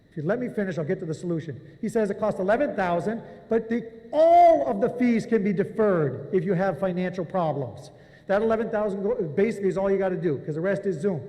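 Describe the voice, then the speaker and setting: A man, a physician, giving impassioned public testimony at a hearing, speaking forcefully and confronting officials directly. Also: high-pitched, in a large hall, low-quality recording.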